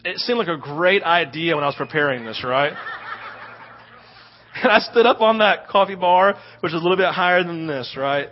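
A man preaching a sermon as a pastor, telling stories in an animated way and often asking "right?". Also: a little high, normal speed, lo-fi sound, slight background noise. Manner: animated storytelling with frequent "right?".

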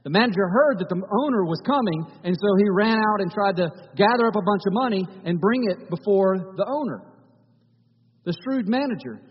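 A man's voice: high voice, expressive, fairly quick, breathy edge, big-room sound, dull audio. A male pastor giving a conversational sermon in a church, often restarting his phrases.

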